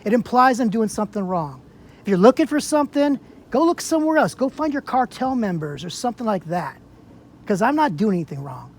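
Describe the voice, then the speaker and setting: A man's voice: sits high, slight background noise. Confrontational man arguing on a sidewalk. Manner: confrontational, fires rhetorical questions, repeats himself. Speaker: vlogger confronting an officer. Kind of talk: heated sidewalk argument. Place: public sidewalk outdoors.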